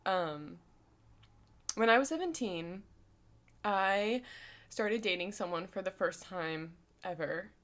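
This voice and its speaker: A woman's voice: mid-range voice, lively intonation, slow, pauses often. Young woman in her 20s vlogging, teary and shaky, lots of likes and ums. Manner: emotional, voice goes shaky and soft, casual filler-heavy talk. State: close to tears. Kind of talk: personal storytelling.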